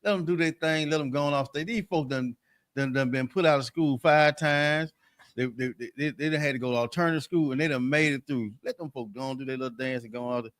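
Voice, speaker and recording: A man's voice: mid-range voice, a little fast, fairly bright tone, no room sound, clean studio sound. Male co-host, medium voice, teasing storyteller. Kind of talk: casual chat.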